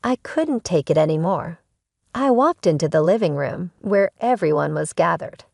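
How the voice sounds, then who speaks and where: A woman's voice: on the low side, lively intonation, moderate pace, creaky, darkish tone, no echo, clean studio sound. A woman narrating a first-person family drama story in an emotional, pointed way.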